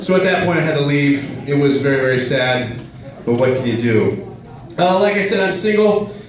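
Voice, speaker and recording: A man in his thirties rambles through a self-deprecating stand-up set, full of fillers and restarts. His voice sits a little high for a man. He sounds distant from the mic, with heavy echo from the room around him. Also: expressive, normal speed, a crowd in the background. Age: 30s. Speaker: stand-up comedian. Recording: very echoey room, mic far off.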